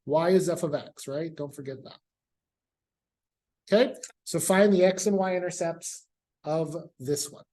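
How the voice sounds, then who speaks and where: A man's voice: fairly high pitch, unhurried, long pauses, a little mellow. A man teaching a calculus class in a casual, conversational way, repeating his key points. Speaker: math professor. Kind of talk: classroom lecture.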